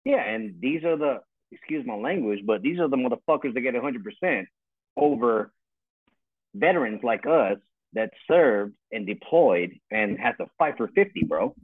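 A man's voice: mid-range voice, animated, moderate pace, slightly rough, no room sound. A man in his forties, a retired army first sergeant, ranting bluntly and with plenty of swearing in casual chat over a call from home. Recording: tinny phone-like call line.

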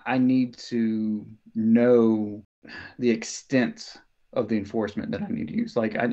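A man co-hosting a casual podcast, speaking in a measured, reflective way and thinking aloud. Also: mid-range voice, dark tone, highs cut off. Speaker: podcast co-host.

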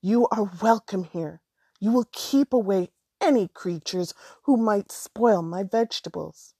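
A woman voicing a kind, gentle young woman speaking warmly in a storybook. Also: mid-range voice, unhurried, slightly rough, no echo. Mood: friendly.

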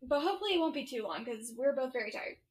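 A woman's voice: sits high, expressive, quick pace, rough recording. A young woman co-hosting a podcast, chatty and teasing in casual conversation. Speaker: podcast co-host. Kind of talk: casual chat.

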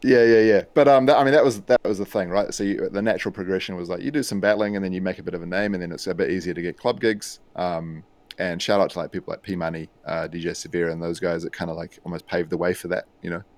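A man's voice: deep voice, quick pace, no echo. A New Zealand man, a music producer and DJ, chatting casually as a podcast guest, rambling with lots of fillers. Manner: relaxed, rambling with many fillers.

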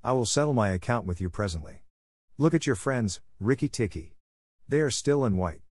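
A man voicing a vengeful female cobra who hisses slow, taunting threats in a storybook reading. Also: medium pitch, lively intonation, a little mellow, no room sound, clean studio sound, lightly acted. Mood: menacing. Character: vengeful female cobra queen, cold and menacing.

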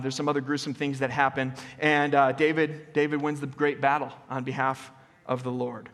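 A man preaching a conversational sermon as pastor, often checking in with the congregation with a quick "right?" and restarting his phrases. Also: medium pitch, fairly bright tone. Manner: casual, with frequent "right?" tag questions and restarts. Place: church sanctuary. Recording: long reverb of a church hall.

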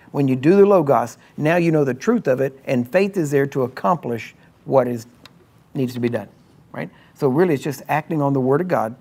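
A man's voice: mid-range voice, darkish tone. Emphatic man preaching a sermon. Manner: emphatic, checks in with frequent questions. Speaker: pastor.

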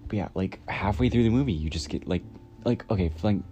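A man's voice: on the low side, fast, dark tone, muffled recording. A man in his twenties casually reviewing a film in a rambling way, with many "like" fillers. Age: 20s. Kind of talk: casual chat. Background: music.

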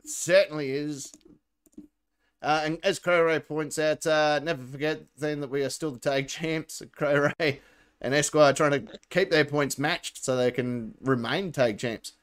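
Casting: male host, slightly high voice, chatty, laughs a lot. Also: fairly even intonation, measured pace, clear, resonant tone. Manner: laughs often, awards points. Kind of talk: casual live comedy chat.

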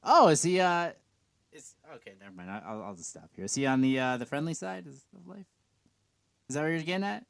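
Male co-host: animated, rambling chat delivery, dry studio sound. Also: fairly high pitch, brisk, vocal fry, dry recording. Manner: rambling, animated, with many restarts and swearing. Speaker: podcast co-host. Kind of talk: casual wrestling chat.

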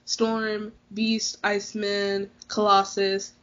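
A woman's voice: mid-range voice, flat delivery, slow pace, a bit bright. A woman co-hosting a podcast, casually recapping a movie with slang and frequent laughter. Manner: laughs a lot, slangy retelling. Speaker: podcast co-host. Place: hot indoor room with fan. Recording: muffled lo-fi sound.

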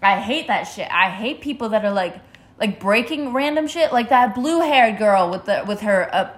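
A woman's voice: medium pitch, animated, moderate pace. A woman co-hosting a casual chat who rants with a lot of swearing, rambles, and acts out other people's lines. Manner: profane, rambling ranting. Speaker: co-host.

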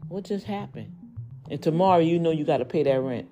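Woman preaching on her podcast, lowish voice that jumps way up when she gets going, faint music under it. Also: a little fast. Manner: animated, swoops high when preaching, drops low and quiet for asides. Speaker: podcast host. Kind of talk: preachy casual podcast talk.

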